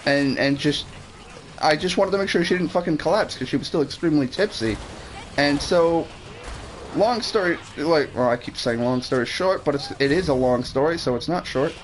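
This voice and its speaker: A man tells a meandering story on a game stream, cursing casually and restarting his sentences. His voice sits slightly higher than most men's, with a faint background hiss. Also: lively intonation, normal speed, rough recording. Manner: rambling, swears freely, restarts sentences. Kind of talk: casual storytelling while gaming.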